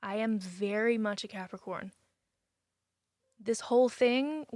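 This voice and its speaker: A young woman is live streaming, chatting casually and reading messages from viewers, emotional and quick to say she will cry. Her mid-range voice is a little mellow, and there's no room sound.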